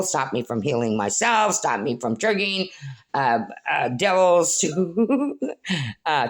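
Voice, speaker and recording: A middle-aged woman rambling through a personal monologue to her viewers, blunt, scolding and preachy, calling them "folks.". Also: low voice. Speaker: spiritual vlogger.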